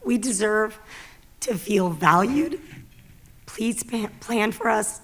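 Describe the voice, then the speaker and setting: A woman's voice: mid-range voice, animated, takes it slowly, pauses often, a little hiss or hum. A middle-aged woman teacher giving public comment at a school board meeting, earnest and emotional, crying as she pleads. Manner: earnest, emotional plea, voice breaking into tears.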